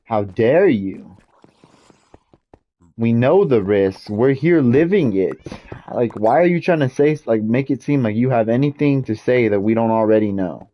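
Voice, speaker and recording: A man's voice: medium pitch, lively intonation, normal speed, muffled recording. A man streaming a game while venting in a frustrated, repetitive rant. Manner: frustrated ranting, repetitive, swears mildly. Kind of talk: casual gaming stream rant.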